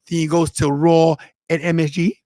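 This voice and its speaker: A man's voice: a little high, little pitch movement, fairly quick, mellow, dry recording, clean studio sound. A young man with a Southern US accent hosting a casual podcast, teasing his co-host and hyping things up with lists and repeats.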